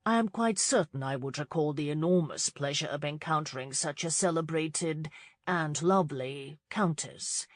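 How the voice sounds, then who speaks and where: A woman voicing a roguish male duke who speaks smoothly and teasingly. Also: deep voice, normal speed, dry recording, studio quality. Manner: smooth, insolent.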